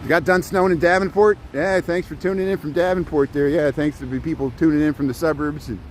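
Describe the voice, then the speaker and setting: A middle-aged man talks to his livestream viewers while he walks outdoors through wet snow, his voice set a touch high for a man. He rambles, chuckles often and greets people by name, with faint traffic hum around him. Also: steady tone, fast. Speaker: live-streaming vlogger. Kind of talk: casual walking livestream chat.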